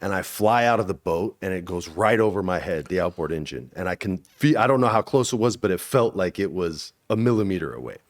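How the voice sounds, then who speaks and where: A man in his forties, an actor as interview guest, telling stories casually and acting out quotes with sudden high bursts. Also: expressive, a little fast, hardly any pauses.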